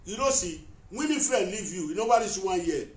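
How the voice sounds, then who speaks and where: A man with a Nigerian Pidgin accent rants on a live stream, accusing and calling out someone he speaks to directly. His voice sits fairly high and repeats points in bursts. It sounds like he is some way from the mic in a bare, echoey room. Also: animated, normal speed, far from the mic. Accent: Nigerian Pidgin English. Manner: accusatory, repetitive, talking straight at someone. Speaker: vlogger addressing a rival on a live video. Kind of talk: heated live-stream rant.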